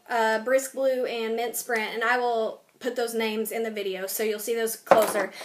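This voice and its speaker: High-voiced young woman, chatty with ums. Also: a bit bright, slight background noise. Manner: chatty, filler-heavy with frequent ums. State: tired. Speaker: beauty vlogger. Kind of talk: casual nail tutorial. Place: home, new place with boxes.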